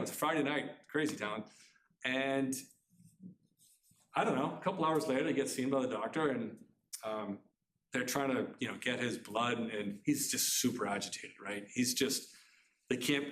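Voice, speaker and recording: Fast-talking man telling a personal story. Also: medium pitch, a bit bright, a little hiss or hum. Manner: fast, earnest, with restarts. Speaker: author giving a talk. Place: community center room. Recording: roomy hall sound.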